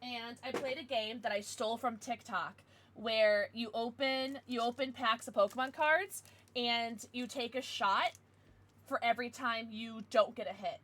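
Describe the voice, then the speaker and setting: A young adult woman streamer chatting casually with her viewers, with excited outbursts. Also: on the high side, measured pace, a little hiss or hum. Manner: chatty, answers viewers, bursts of excited squeals. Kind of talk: casual live-stream chat.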